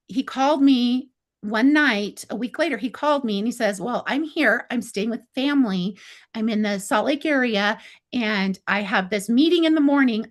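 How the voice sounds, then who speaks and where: A middle-aged woman telling a personal story in casual talk, acting out the dialogue with lots of "I was like.". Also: on the high side. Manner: animated, acts out quoted dialogue with lots of "I was like". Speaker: guest telling her story.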